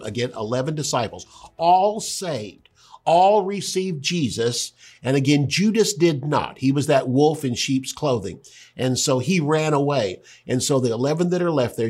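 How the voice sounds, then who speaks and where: Male Bible teacher with a husky voice, chatty and emphatic. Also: mid-range voice, darkish tone. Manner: retells scripture conversationally with emphatic asides. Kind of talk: sermon.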